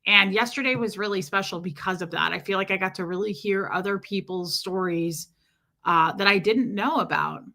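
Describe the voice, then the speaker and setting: A chatty woman hosts a casual livestream and answers her viewers' comments by name. Her voice is bright and forward, with a medium pitch. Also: moderate pace. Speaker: livestream host. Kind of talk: casual live-stream chat.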